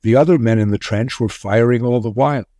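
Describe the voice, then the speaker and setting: A man narrating a wartime tale in a measured, grave storytelling manner. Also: medium pitch, dark tone, no room sound, clean studio sound.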